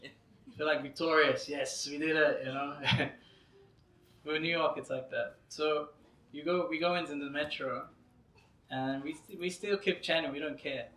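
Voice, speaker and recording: Guy lecturing, telling funny stories, laughs a lot, says you know, bright voice, echoey hall, mic far off. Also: on the high side, normal speed, long pauses. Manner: lively storyteller, laughs often, frequent "you know". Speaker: lecturer at a devotional gathering. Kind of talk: anecdotal religious lecture. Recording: roomy hall from a distant mic.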